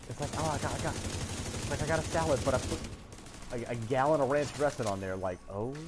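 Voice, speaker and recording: A man chatting casually while he plays a game, rambling through stories and jumping into animated voices for the people he quotes. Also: mid-range voice, fast talker, noisy background. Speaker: gaming streamer. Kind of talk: casual chat while gaming.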